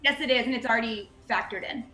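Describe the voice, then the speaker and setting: A woman plays a tabletop game and talks in an eager, chatty way. Her voice is bright and fairly high and echoes in the room. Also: quick pace, faint music behind. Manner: excited, chatty. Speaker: player.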